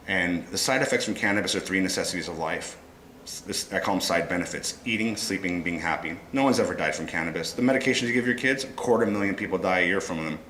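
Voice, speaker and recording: A man's voice: lowish voice, a little hiss or hum. A man giving an impassioned talk at a conference, telling stories and acting out the dialogue himself. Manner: animated storytelling, acting out dialogue. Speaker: conference speaker. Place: conference room. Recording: echoey room with faint ambience.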